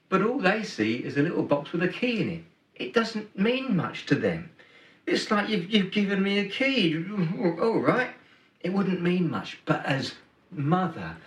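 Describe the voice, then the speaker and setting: Preacher, male, middle-aged, bright lively delivery, storytelling sermon, roomy hall, mic at a distance. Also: fairly high pitch. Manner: storytelling, emphatic swings between loud and hushed. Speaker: pastor. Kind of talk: Christmas sermon.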